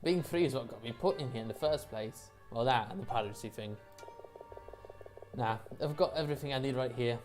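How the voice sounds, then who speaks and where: A woman voicing a gruff, blustering old male pirate frog captain in a mock Scottish accent. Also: a bass voice, a little fast, a little mellow, faint music behind. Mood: boastful.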